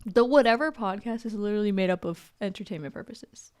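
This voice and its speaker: A woman in her twenties, a podcast guest talking casually, chatty and quick to laugh, with lots of "like" fillers. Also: mid-range voice, darkish tone. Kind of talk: casual interview talk.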